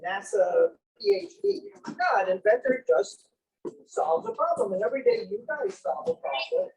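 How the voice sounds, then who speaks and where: In an indoor senior center room, a man presents a traveling museum of inventions to a live audience, joking around and drawing in volunteers for his interactive demonstration. His very high, gravelly voice swings widely in pitch at a moderate pace, recorded from a distance with poor audio.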